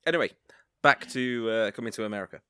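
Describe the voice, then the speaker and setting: Male podcast co-host, resonant and low, dry-witted, casual. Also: fast, bright, forceful tone, clear, resonant tone. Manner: short agreements and dry quips. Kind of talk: casual chat.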